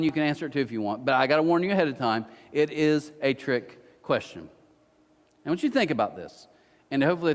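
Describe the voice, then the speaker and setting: Man, pastor, sermon, self-mocking humor, lively pitch swings, long church-hall reverb. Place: church auditorium.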